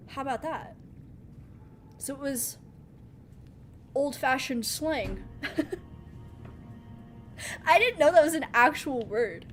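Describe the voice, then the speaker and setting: Giggly chatty woman streamer. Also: high voice. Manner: chatty, giggly, playful, reads chat aloud. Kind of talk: casual live-stream chat while gaming.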